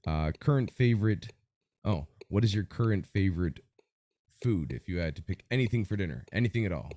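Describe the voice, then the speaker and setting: A man hosting a podcast interview over a video call, with an energetic, announcer-like delivery. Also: low-pitched, a little fast. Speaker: podcast host. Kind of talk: hype-style interview hosting.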